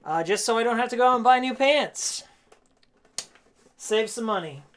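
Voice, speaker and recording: A man live-streaming casually while he cleans his game room, hoarse and losing his voice, jokey and rambling, repeating his own lines. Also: extremely high pitch, expressive, normal speed, fairly bright tone. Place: game room at home, indoors.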